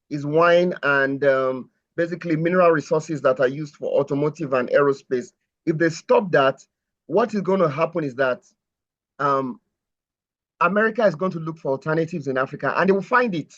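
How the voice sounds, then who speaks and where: A man with a slightly high voice talks through trade politics in a panel discussion. He hesitates often, restarts phrases and fills gaps with "um". The sound is muffled and lo-fi. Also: fairly bright tone. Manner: hesitant, many fillers and restarts. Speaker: panel guest.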